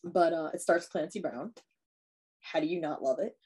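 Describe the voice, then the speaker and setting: A woman's voice: low voice, moderate pace, mellow, husky. A woman co-hosting a podcast, casually retelling a horror movie plot in a chatty way with lots of fillers and acted-out lines. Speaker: podcast co-host.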